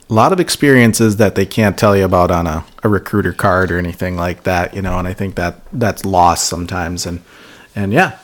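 A man hosting a podcast in casual chat, earnest and encouraging, thanking his listeners. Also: on the low side. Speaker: podcast host.

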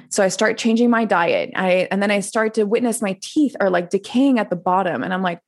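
A woman in her twenties, a coach and podcast guest, telling her story in a rambling, animated way with frequent laughs and restarts. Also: mid-range voice, fairly quick, hardly any pauses. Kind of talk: casual interview storytelling.

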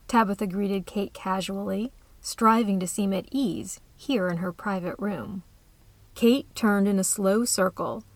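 Woman story reader, calm and even delivery, dry close recording. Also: mid-range voice, no echo. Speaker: narrator. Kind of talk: scripted story narration.

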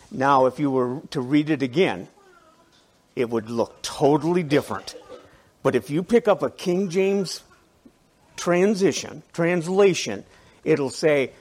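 Guy preaching a sermon, kinda high voice, talks casual with the crowd, restarts a lot. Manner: animated, conversational preaching with asides and restarts. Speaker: pastor.

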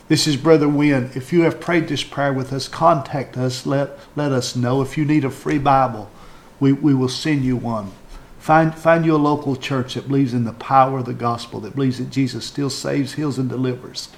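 A man's voice: mid-range voice, steady tone, moderate pace. A man preaching as a pastor, leading a sinner's prayer with fervent, repetitive phrasing and frequent restarts. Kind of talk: sermon and altar-call prayer.

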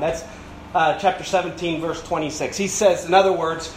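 A male pastor delivers a sermon in a fairly high voice, pressing his points through repetition and rhetorical questions. His voice rings through a roomy, echoey space. Faint room ambience sits underneath. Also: fairly even intonation, unhurried, long pauses, a little hiss or hum.

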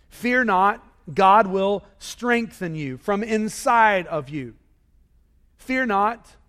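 A man preaching a sermon as pastor, moving from quiet scripture reading to loud, emphatic repetition with his congregation. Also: sits high. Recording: long hall reverb.

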